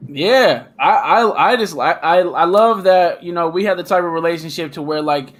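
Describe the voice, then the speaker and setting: A man hosting a casual comics livestream, talking in an animated, slangy, hyped way. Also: fairly high pitch, normal speed. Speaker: host.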